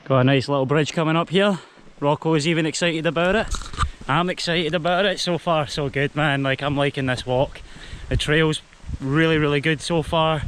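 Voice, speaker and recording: A man's voice: fairly high pitch, a bit bright, slight background noise. A young man with a Scottish accent, chatting casually to the camera as he walks up a mountain trail outdoors. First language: Spanish heritage only, English first. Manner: chatty, talks to the camera while walking uphill. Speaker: hiking vlogger. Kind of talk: casual walk-and-talk to camera.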